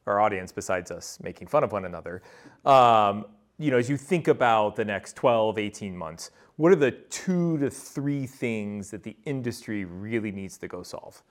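A man's voice: lowish voice, expressive, normal speed. A man moderating a business panel, self-mocking and full of fillers as he steers the talk. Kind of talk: panel discussion.

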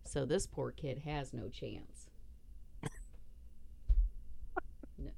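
A woman's voice: rumbling low, very slow, gravelly, mellow, a little hiss or hum. A middle-aged woman hosting a podcast in casual chat, blunt and profane, laughing often. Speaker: podcast host.

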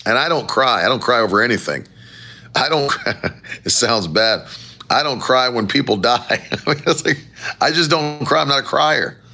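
A man preaching a sermon as pastor, with animated, emphatic rising phrases and a gravelly voice. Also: medium pitch, moderate pace.

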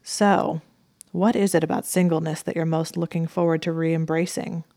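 Indignant young witch put on by a woman, crisp, sharp, dry close sound. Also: sits low, steady tone, normal speed, no echo. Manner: crisp, barking.

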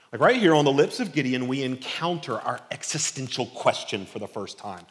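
A male preacher giving an expository sermon in an animated, conversational, emphatic way. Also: medium pitch, fairly quick, hardly any pauses, in a large hall.

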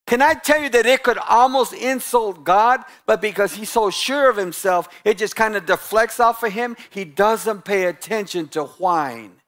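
A man with a high voice preaching a lively sermon. He is animated and a bit sarcastic, and he acts out what people say as he makes his points. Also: moderate pace, hardly any pauses. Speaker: guest pastor.

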